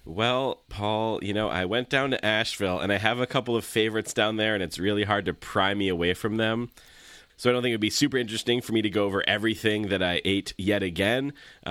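A man co-hosting a casual podcast, a little stuffy from a cold, relaxed and chatty. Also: deep voice, no echo. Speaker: podcast co-host.

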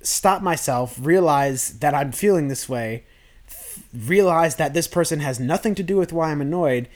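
Hosting a self-improvement podcast, this man speaks at a moderate pace in a slightly high, expressive voice. His delivery wanders, full of fillers and repeated restarts as he works through his ideas.

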